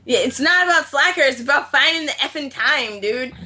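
A woman's voice: high voice, animated, fairly quick, sharp tone. A woman co-hosting a podcast, talking casually and animatedly, swearing and using many fillers. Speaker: podcast co-host. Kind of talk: casual chat about games and films.

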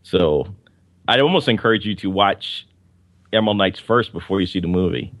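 Man, low voice, podcast co-host, casual rambling chat, dry close sound. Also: moderate pace, a bit bright, no echo. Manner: rambling, with fillers and restarts. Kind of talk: casual chat reviewing comics and films.

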